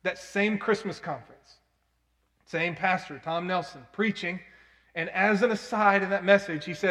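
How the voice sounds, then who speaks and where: Male pastor, high voice, earnest storyteller with loud emphatic bursts, echoing church hall. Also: moderate pace. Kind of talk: sermon. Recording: long hall reverb.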